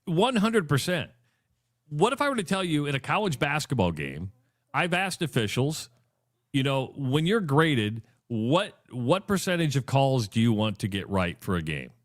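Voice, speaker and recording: A man's voice: medium pitch, big pitch swings, normal speed. A male sports radio co-host in casual chat, emphatic, who reads out listener comments.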